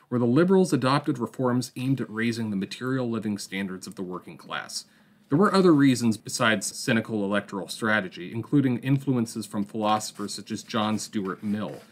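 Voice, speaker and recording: A man hosting a political podcast, reading a history segment with explanatory asides. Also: medium pitch. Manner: explanatory, with asides and book recommendations. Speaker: podcast host.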